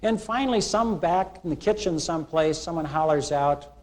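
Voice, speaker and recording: A middle-aged male instructor lecturing a class in an animated, storytelling way. His voice sits a little high for a man, and he slips into quick bits of the people in his anecdotes. It sounds like an old classroom video. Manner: animated storytelling, acting out quoted characters. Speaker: college instructor. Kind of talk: classroom lecture with humorous analogies. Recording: 1980s classroom video recording.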